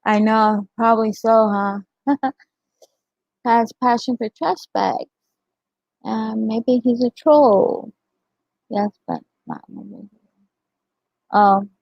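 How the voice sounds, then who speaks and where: A woman's voice: fairly high pitch, vocal fry, darkish tone, no echo, dull audio. A middle-aged woman chatting on her livestream, telling a story and laughing often. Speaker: livestream host. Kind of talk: casual chat with live viewers.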